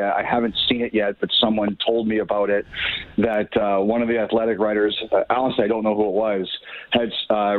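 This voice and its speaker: A man calling in as a hockey insider guest, out of breath and talking in halting bursts with many restarts. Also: lowish voice. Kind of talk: phone interview. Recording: tinny phone line.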